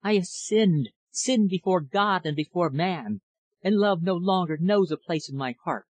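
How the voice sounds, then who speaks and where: A man voicing an anguished young woman hiding a dark secret in a storybook reading, pleading and breaking into high cries. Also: expressive, measured pace, no room sound, poor audio.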